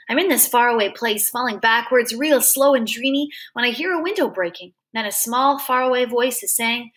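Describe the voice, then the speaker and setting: A woman reading a novel aloud, narrating in an expressive, dramatic way. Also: fairly high pitch, a little fast. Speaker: audiobook reader.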